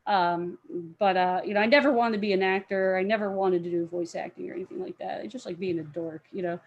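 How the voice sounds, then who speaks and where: A woman's voice: mid-range voice, fairly even intonation, fast, lo-fi sound. A woman telling rambling con stories in a casual podcast chat, with many fillers and frequent laughs. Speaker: podcast guest, cosplayer.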